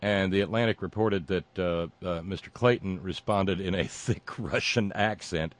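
Low-voiced man with sarcastic monologue. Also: moderate pace, no room sound. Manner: mocking, meandering, many fillers and restarts. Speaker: political commentary host.

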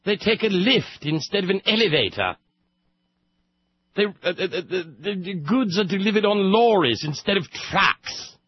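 A man's voice: mid-range voice, wildly swooping pitch, slow, breathy edge, no room sound, lo-fi sound, full character voice. A man putting on a phony posh Briton. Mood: mocking posh. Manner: affected, exaggerated mock-British. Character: phony posh British man, smug and prissy.

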